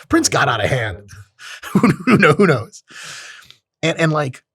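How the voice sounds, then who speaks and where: A man's voice: on the high side, very animated, slow, fairly bright tone, breathy edge, no echo, studio quality. A man hosting a podcast, giving a blunt, profane casual monologue and acting out short voices. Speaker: podcast host. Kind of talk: casual monologue on self-improvement.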